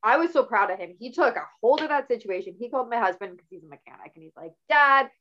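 A middle-aged woman hosting a casual talk show, telling stories in a chatty, animated way. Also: on the high side, quick pace, a little hiss or hum. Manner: chatty, animated storytelling with laughs. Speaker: podcast host. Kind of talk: casual conversational interview. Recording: slightly dull lo-fi audio.

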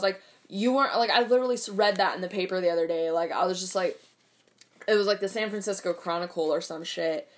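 A woman's voice: on the low side, quick pace. A young adult woman ranting casually about politics and work, swearing often and rambling with lots of fillers.

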